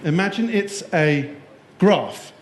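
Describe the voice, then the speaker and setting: A man's voice: high-pitched, lively intonation, takes it slowly, a little hiss or hum. A man giving a conference keynote, jokey and playful, quizzing the live audience in the room. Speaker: keynote speaker. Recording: echoey room.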